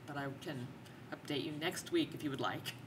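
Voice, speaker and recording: Low-voiced woman heard from a distance. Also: a little fast. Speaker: city council member. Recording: distant mic with room noise.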